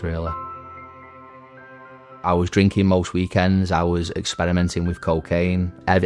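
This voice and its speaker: A man in his thirties, a veteran and recovery centre graduate, gives earnest personal testimony in a halting way with many restarts. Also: low voice, darkish tone.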